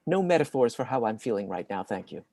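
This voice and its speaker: A man reading the part of a deadpan, pedantic male adventurer in a staged play reading. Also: medium pitch, quick pace, no echo.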